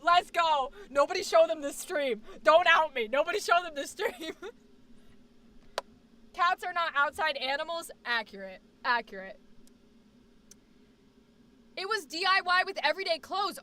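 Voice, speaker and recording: A woman's voice: very high voice, unhurried, pauses often. A woman streamer and actor chatting casually and rambling jokily to her viewers. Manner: animated, rambling, jokey. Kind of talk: casual live-stream chat.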